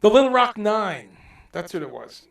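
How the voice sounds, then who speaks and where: A man hosting a casual livestream chat, telling stories in a rambling, animated way and dropping in profanity. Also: sits high, normal speed, gravelly, echoey room, distant mic. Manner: rambling, animated storytelling with mock accents and profanity. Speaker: livestream host.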